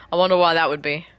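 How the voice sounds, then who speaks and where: A woman talks through her building session in casual gameplay commentary, her voice sitting a little low for a woman. She rambles and pokes fun at herself, and her sentences often trail off into quiet mumbles. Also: slight background noise. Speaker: gaming creator.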